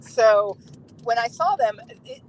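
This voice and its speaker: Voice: mid-range voice, animated, slow, a little hiss or hum, rough recording. A podcast guest chatting casually and telling a rambling story, with many fillers and laughs. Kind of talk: casual chat.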